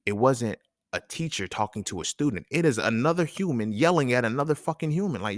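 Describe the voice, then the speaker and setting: A man hosting a solo talk episode, ranting in an animated, casual way full of slang and profanity. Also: medium pitch, a little fast, no room sound, studio quality. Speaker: podcast host. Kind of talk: solo monologue rant.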